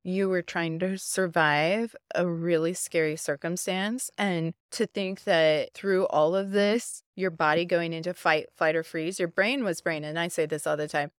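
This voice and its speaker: A woman therapist guest in an interview, talking in an upbeat, animated way and often checking in with "right?". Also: fairly low pitch, measured pace, hardly any pauses, smooth, no room sound, studio quality. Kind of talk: conversational interview.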